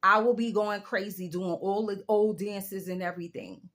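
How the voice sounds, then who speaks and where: A woman in her forties giving a casual opinion rant to her viewers, telling a story with emphatic, drawn-out delivery and big jumps in her voice. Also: mid-range voice, fairly bright tone. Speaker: vlogger.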